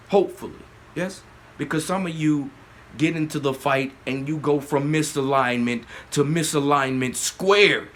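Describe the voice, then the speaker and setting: A man hosting his own channel, giving a spiritual monologue, often asking "yes?", swinging between loud emphatic bursts and low murmurs. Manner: slow, repeating "yes?" often. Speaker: channel host.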